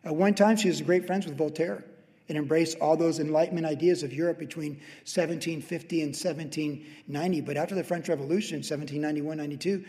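A man's voice: on the high side, steady tone, quick pace, mellow. A middle-aged man teaching verse by verse as a pastor, emphatic and conversational, with frequent restarts. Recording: long reverb of a large hall.

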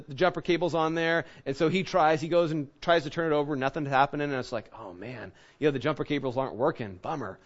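In a lo-fi recording, a man with a fairly high voice delivers a sermon as a pastor. He recounts a personal story in a chatty, storytelling manner, acting out each quote.

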